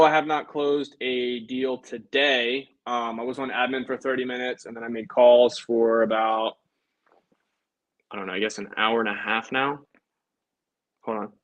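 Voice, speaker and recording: A man's voice: mid-range voice, low-quality recording. A young man, an insurance sales agent, chatting casually with a livestream audience between phone calls to prospects. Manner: chatty, upbeat, talks to viewers and then dials prospects.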